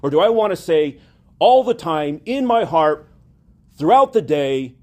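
A man giving a conversational sermon as a priest, animated and chatty, laughing now and then. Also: fairly high pitch, a little slow.

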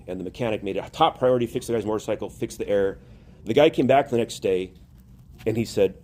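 A man with a low, husky voice delivers a sermon as a priest. He speaks earnestly and often presses his points with rising emphasis. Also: fast talker, warm tone. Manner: earnest, building to emphatic exhortation.

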